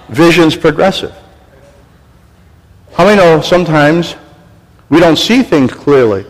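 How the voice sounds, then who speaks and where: A man's voice: fairly high pitch, lively intonation, unhurried, pauses often. Older man preaching, echoey hall. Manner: exhorting, call-and-response with congregation. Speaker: pastor. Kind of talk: sermon.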